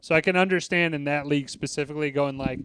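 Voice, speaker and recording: A man co-hosting a casual sports and music podcast, talking in an animated way, swearing, and acting out what other people said. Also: a little high, fast, smooth, no room sound. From Chicago. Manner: animated, swearing, acts out quoted lines. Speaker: podcast co-host. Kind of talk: casual chat.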